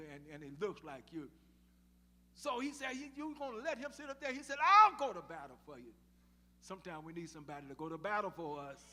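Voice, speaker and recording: A man's voice: high-pitched, sharp tone, slight background noise. A man preaching a sermon, telling a Bible story in voices and calling on the congregation to answer back. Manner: call-and-response preaching, storytelling with acted voices. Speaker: pastor. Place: church sanctuary. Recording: live church sound with long reverb.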